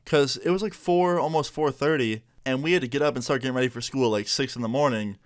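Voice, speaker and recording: A man's voice: mid-range voice, quick pace. A young man casually telling a story in a laid-back, slangy way, full of "like" and "you know.". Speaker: vlogger.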